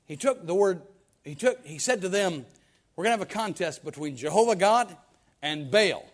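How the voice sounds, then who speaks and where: A pastor preaching a sermon, reading Bible verses dramatically with folksy asides in between. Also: male voice, lively intonation, normal speed. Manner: dramatic Bible reading with wide swings in loudness and pitch.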